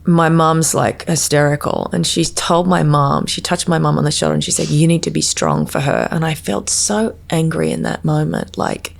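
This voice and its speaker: Woman, podcast guest; deep, fry-edged voice; halting personal storytelling full of restarts. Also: fairly even intonation.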